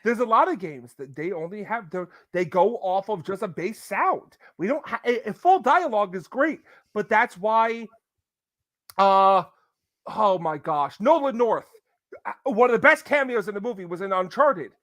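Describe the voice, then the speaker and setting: A man's voice: high voice, animated, moderate pace, a bit bright, no room sound, clean studio sound. A man hosting a podcast, ranting in casual, opinionated chat and breaking into impressions.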